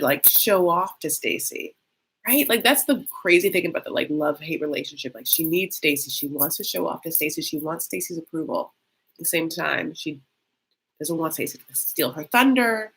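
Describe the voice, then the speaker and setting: A woman chats through a live reaction stream in a fairly low voice. She is catty and gossipy, reading viewer comments aloud as she goes. Her talk is loose and rambling, packed with "like". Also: normal speed, a bit bright, slightly rough. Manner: chatty and catty, reads viewer comments aloud, heavy use of "like". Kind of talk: casual live reaction chat.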